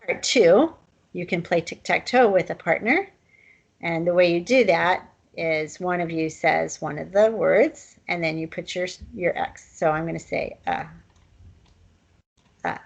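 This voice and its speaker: A woman teaching a language lesson, explaining pronunciation and sounding out words slowly. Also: fairly low pitch, vocal fry, slightly rough, lo-fi sound.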